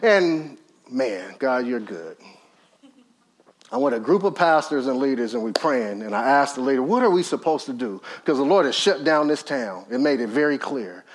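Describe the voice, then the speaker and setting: A man preaching a sermon, telling a story full of acted quotes, swinging from loud high peaks to low murmurs and calling out questions to the audience. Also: lively intonation, normal speed. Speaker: pastor.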